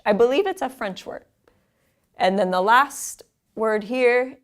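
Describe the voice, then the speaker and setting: A woman in her forties teaches a language lesson at an unhurried pace. She says each word carefully, then repeats it so the learners can follow. Her voice is smooth and clear. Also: medium pitch. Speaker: Italian teacher.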